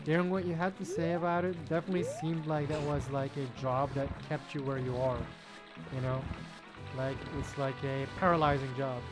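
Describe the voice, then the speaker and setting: Steady in tone and speaking at normal speed, a young Belgian man with a slightly high voice streams a game and chats casually with his audience. He is friendly, tends to repeat his own phrases, and talks to chat by name while game music plays behind him.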